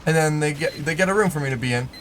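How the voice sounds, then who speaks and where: Young man, higher-pitched voice, casual rambling storytelling over gameplay, lots of fillers and restarts. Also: very fast, fairly bright tone, slight background noise. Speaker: gaming YouTuber.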